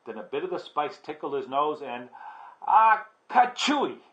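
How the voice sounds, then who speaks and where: A man reading a children's book aloud in a relaxed way, with chatty asides to listeners. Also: mid-range voice, brisk. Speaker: storybook reader. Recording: dull lo-fi recording.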